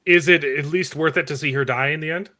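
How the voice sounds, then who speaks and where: A man as a podcast guest, chatting casually and cutting in with quick questions. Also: on the high side, steady tone, pushed and bright.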